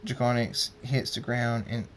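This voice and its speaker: Slow halting male storyteller. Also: medium pitch, flat delivery, over music. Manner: halting, stumbles and restarts words. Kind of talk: amateur story narration.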